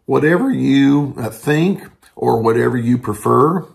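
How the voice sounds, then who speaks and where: An older man with a gravelly, fry-touched voice talks as a therapist explaining to his viewers. His delivery is earnest and steady, with brief quoted asides. His pitch sits at an ordinary middle level for a man. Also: a little slow. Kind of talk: talking-head explainer.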